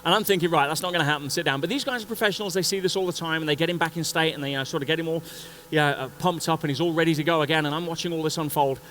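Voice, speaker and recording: A man giving a motivational talk at a conference, telling a story in an animated way and acting out the scenes. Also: on the high side, rapid-fire, hardly any pauses, a little hiss or hum, poor audio. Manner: animated, acts out scenes and voices. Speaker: conference speaker. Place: conference stage before an audience.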